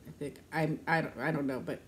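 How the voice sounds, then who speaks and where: A woman's voice: steady tone, fairly quick, slight background noise. A woman in her fifties chatting casually to camera in a rambling, talkative way, laughing often. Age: 50s. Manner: rambling, chatty, laughs often, uses high baby-talk to her dog. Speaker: vlogger.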